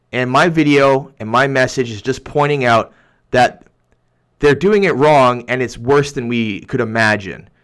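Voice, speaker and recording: A man's voice: mid-range voice, fairly bright tone. A young man hosting a livestream, reading viewer comments aloud in a heated, rambling rant full of restarts. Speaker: YouTuber reading chat.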